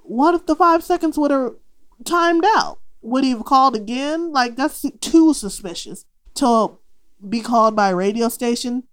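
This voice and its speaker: A young adult woman hosting a casual movie podcast, talking in an animated, profane way and acting out the characters' lines. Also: a little high. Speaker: podcast host.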